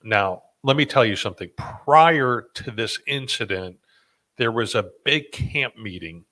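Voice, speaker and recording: A man's voice: medium pitch, animated, unhurried, bright, forceful tone. A man hosting a podcast, chatting casually and telling a rambling story with many fillers and restarts. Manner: rambling with fillers and restarts, self-deprecating laughs. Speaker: podcast host.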